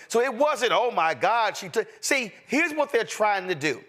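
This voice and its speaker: Emphatic high-voiced male political host. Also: a bit bright. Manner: emphatic, preacher-like cadence, cutting. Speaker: show host. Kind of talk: heated political commentary.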